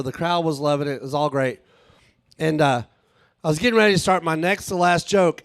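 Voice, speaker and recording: A man, telling a profane, animated stand-up story at a live show. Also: on the high side, no echo. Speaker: stand-up comedian. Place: live show with a small audience.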